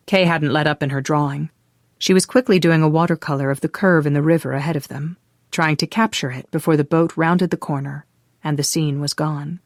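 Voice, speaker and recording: An audiobook narrator reading a romance novel in an even, measured way. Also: medium pitch, no echo, studio quality. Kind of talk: scripted narration.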